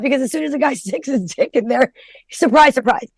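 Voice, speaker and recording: A woman's voice: sits high, expressive, a little fast, slightly rough, dry recording. A middle-aged woman comedian telling profane stories in casual podcast chat. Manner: blunt, profane, storytelling. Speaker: stand-up comedian, podcast guest.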